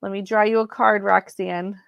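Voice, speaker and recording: A woman hosting a casual live sale of crystals from home, chatty and unhurried, with frequent ums. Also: mid-range voice, level tone, gravelly, smooth, no echo, highs cut off.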